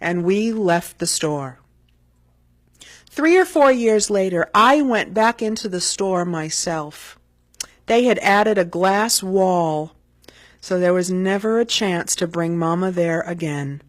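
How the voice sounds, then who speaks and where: A woman telling a spoken family anecdote in an animated, comic way. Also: on the low side, takes it slowly, no echo. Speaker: storyteller.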